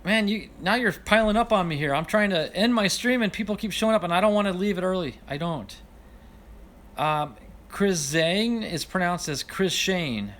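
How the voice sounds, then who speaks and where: A man's voice: high-pitched, moderate pace, a bit bright. Chatty, apologetic male livestream host. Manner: apologetic, self-deprecating, laughs often. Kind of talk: casual livestream chat, reading viewer comments.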